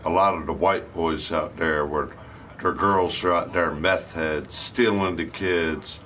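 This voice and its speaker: Middle-aged guy rambling through a story, cussing a lot, lowish bright voice. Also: steady tone, a little slow, slight background noise. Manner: rambling, profane, digressive. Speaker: live stream host. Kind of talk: casual storytelling.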